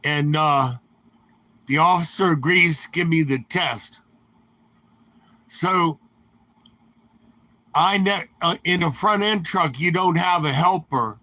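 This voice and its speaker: A man's voice: a little high, slow pace, long pauses, pushed and bright, no echo. An older man telling rambling, anecdotal stories in his own voice. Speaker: storyteller. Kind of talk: rambling storytelling.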